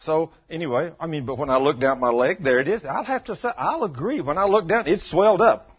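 Animated older male preacher, husky voice. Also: a little high, brisk, lo-fi sound. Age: 60s. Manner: animated storytelling, acting out quotes. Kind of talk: folksy sermon testimony.

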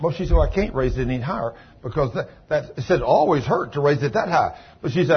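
A man preaching a sermon, telling healing stories in a folksy way that moves from hushed retelling to loud praise. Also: on the high side, slightly rough. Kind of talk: sermon storytelling. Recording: dull lo-fi recording with faint noise.

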